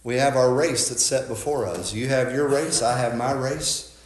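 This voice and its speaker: A man's voice: mid-range voice, moderate pace, echoey room, a little hiss or hum. A man preaching a sermon as a pastor, conversational and folksy, often asking "right?" and restarting his words.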